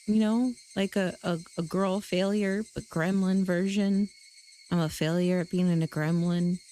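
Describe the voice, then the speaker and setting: A woman's voice: mid-range voice, expressive, normal speed, slight background noise, low-quality recording. A woman streamer chatting casually with her live audience, rambling and self-deprecating, swearing often. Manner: chats directly to her viewers.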